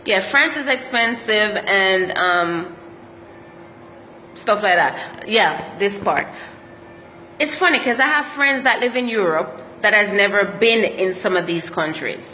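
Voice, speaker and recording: A woman's voice: medium pitch, expressive, slow, bright, forceful tone, long reverb tail, a little hiss or hum. A Jamaican woman telling travel stories in a casual vlog, slipping into patois as she talks. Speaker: travel vlogger.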